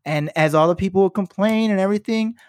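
A man co-hosting a podcast, telling a work story in a casual, animated and profane way and acting out the people he quotes. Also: high voice, fast, dry recording, clean studio sound. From works in Los Angeles. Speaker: podcast co-host.

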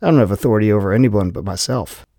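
A jittery male security guard, wary and cursing, as a male narrator plays him in a low, steady voice. He pushes back hard and sounds close to bolting. The read is dry and close, with no room around it. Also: fast, gravelly, no echo. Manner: exasperated, cursing.

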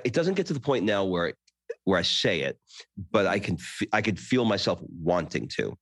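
A man in his fifties hosting a podcast interview, asking questions in a halting way and often repeating words. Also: sits low, no room sound, studio quality. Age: 50s. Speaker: podcast host. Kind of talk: conversational interview.

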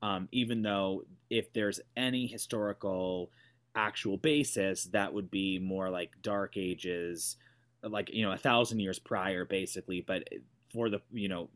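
A man's voice: low voice, fairly bright tone. A man from Oklahoma co-hosting a podcast, teasing in casual chat with lots of likes and restarts. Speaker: podcast co-host.

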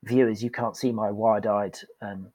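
A man's voice: lowish voice, level tone, moderate pace, darkish tone, no room sound, poor audio. A man telling a candid, self-deprecating story as a guest in a casual podcast interview. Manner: candid and self-deprecating, acts out quoted voices.

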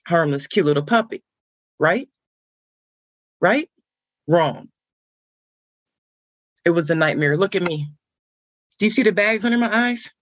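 In a dry recording, a low-pitched woman performs a comic monologue as a frazzled woman stuck looking after a wild puppy, telling it through indignant exclamations.

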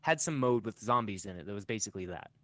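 Male podcast co-host, crisp bright tone, dry close sound, relaxed chat. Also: fairly low pitch, quick pace, no echo. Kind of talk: casual gaming podcast chat.

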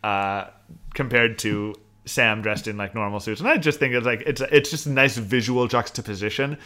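A man with a bright, forward voice chats casually as a podcast co-host. He talks with animation and slips into quoted lines of dialogue, laughing along the way. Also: medium pitch, normal speed. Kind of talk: casual chat recapping a TV episode.

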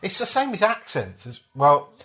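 A man's voice: sits high, wildly swooping pitch, normal speed, sharp tone. A man, an actor and comedian, chatting casually as a podcast guest in a meandering, self-interrupting way.

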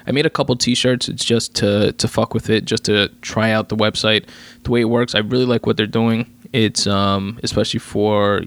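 A young man with a low, gravelly voice talks through a solo podcast episode in a loose, rambling way. He swears freely and circles back on himself with plenty of ums and restarts. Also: fairly bright tone. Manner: profane, rambling, many fillers and restarts. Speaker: podcast host. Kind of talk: casual solo podcast rant.

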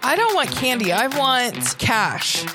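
A woman co-hosting a podcast, upbeat and joking, pitching listeners in a playful way. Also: huge pitch swings, slow pace, over music. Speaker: podcast co-host. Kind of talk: casual chat.

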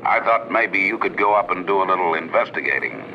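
A commanding middle-aged patriarch with a very deep voice that moves a lot in pitch. He speaks steadily and with authority, and the sound is dull, like an old television soundtrack. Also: expressive, fairly quick, creaky, slight background noise. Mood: businesslike. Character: commanding middle-aged father, head of a rescue team.

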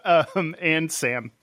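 A man's voice: fairly high pitch, a bit bright, dry recording, clean studio sound. Joking man co-hosting a podcast. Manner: joking, quick asides. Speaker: podcast co-host. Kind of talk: casual chat. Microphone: remote recording.

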